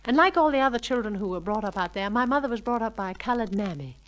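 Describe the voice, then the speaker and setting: A woman's voice: on the high side, expressive, fast, low-quality recording. A woman performer introducing a song with a refined, storytelling manner. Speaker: comic performer.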